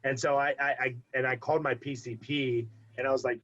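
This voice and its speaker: Young man, podcast guest; animated casual storyteller, mid pitch, dull lo-fi recording. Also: a little fast. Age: young adult. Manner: animated, quotes others in dialogue. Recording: dull lo-fi audio.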